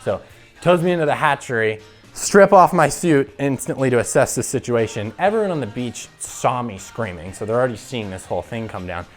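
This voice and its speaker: A young man from the show's crew telling a crude story in a casual, animated way, laughing often. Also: medium pitch, fairly quick, faint music behind. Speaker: show regular.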